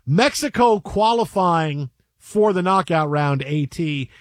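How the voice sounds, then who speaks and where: Male sports show host, casual chat, slightly high voice, dry close sound. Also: expressive, slow, dry recording. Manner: chatty, leads the segment with playful mock grandness.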